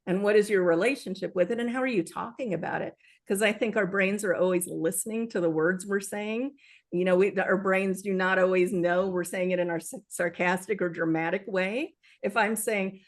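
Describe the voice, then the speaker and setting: A woman author speaking as an interview guest, earnest and lively. Her voice sits at a middle pitch, and she slips into quoted voices to act out self-talk. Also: normal speed. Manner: earnest, animated with acted-out quotes. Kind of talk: conversational interview.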